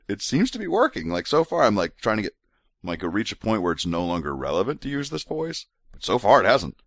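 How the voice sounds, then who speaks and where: A man's voice: mid-range voice, dry recording, studio quality. A tipsy man hosting a podcast, joking wryly through scripture commentary. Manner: joking, wry, animated asides. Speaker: podcast host.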